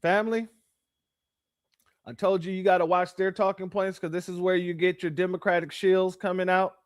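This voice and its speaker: A man's voice: high-pitched, flat delivery, normal speed, dry recording, studio quality. A man hosting reaction commentary, talking bluntly and sardonically to his viewers. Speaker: commentary host.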